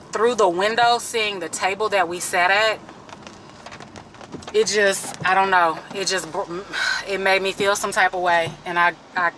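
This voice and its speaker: A woman's voice: medium pitch, sharp tone, slight background noise. A woman talking bluntly and tearfully in a casual vlog, swearing freely. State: tearful, emotional. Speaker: vlogger. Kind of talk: emotional vlog talk. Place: in a parked car.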